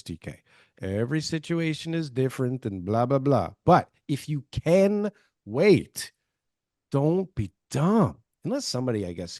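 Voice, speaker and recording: A man's voice: mid-range voice, no room sound, studio quality. A man co-hosting a casual podcast, blunt and joking, teasing his co-host. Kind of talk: casual chat.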